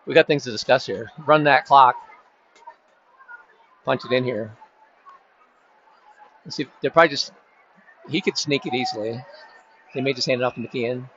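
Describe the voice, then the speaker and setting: Casting: male local sports announcer, rambling and jokey, bright voice, faint crowd noise behind. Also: mid-range voice, fairly even intonation, a little slow, long pauses. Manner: chatty, rambling, jokes aside to friends. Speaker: play-by-play announcer. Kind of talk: casual local sports commentary. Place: high school football stadium. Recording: dull lo-fi sound with faint crowd ambience.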